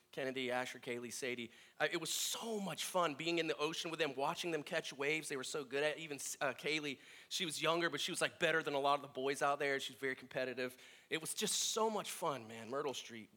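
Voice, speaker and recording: A middle-aged man sharing personal family stories in a reflective sermon, acting out voices as he tells them. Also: a little high. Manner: reflective, animated in quoted voices.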